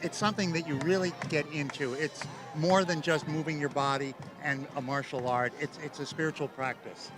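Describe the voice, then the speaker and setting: A man's voice: a little high, fairly even intonation, normal speed, few pauses, over music. A man giving live commentary on a street parade outdoors, reacting eagerly to what passes. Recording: noisy outdoor street recording.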